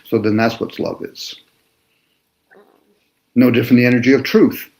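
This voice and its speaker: A man in casual chat, explaining his ideas in a slow, lecturing way and playing with the meanings of words. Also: mid-range voice, fairly even intonation, gravelly, a little mellow, low-quality recording.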